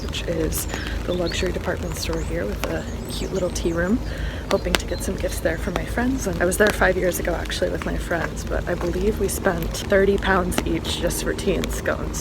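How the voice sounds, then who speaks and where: A woman's voice: on the low side, creaky. A woman with an American accent talking casually to camera as a travel vlogger, upbeat and chatty with loose fillers. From United States. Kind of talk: casual vlog chat to camera. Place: traveling around cities, indoors and on the street. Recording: handheld vlog audio with steady background noise.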